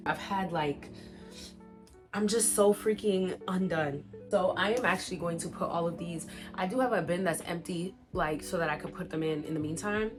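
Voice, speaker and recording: A young woman vlogging casually as she unboxes plant mail, gushing and excitable as she talks straight to her viewers. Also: lowish voice.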